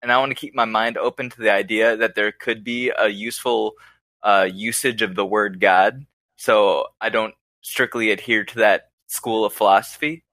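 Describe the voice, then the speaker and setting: A man's voice: on the low side, fairly even intonation, normal speed, pushed and bright, no echo. A man calling in as a guest, explaining his views in a rambling, thoughtful way with many hesitations. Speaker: guest caller.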